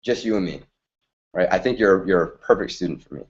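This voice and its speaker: A man voicing a calm, confident judo master who speaks in a reassuring way. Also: low-pitched, a little fast, muffled recording, voice pushed down.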